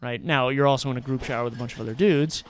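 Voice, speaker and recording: A man's voice: mid-range voice, racing, slight background noise. A man, a podcast guest, telling stories in casual chat and acting out what people said. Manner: animated, acts out quotes.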